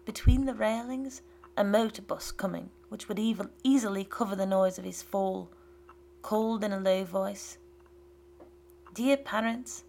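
A woman giving scripted narration of a literary story in a hushed, half-whispered delivery. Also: medium pitch, steady tone, normal speed, creaky, a little hiss or hum.

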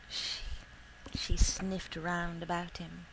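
A woman reading a literary short story aloud in a measured, deliberate way. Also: on the low side, little pitch movement, slight background noise, low-quality recording. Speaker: reader.

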